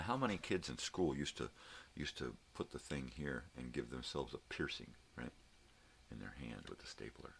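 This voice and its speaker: A man's voice: a bass voice, creaky, sharp tone, slight background noise. A middle-aged man hosting his own morning vlog, ranting and rambling casually with plenty of swearing. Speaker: vlogger host.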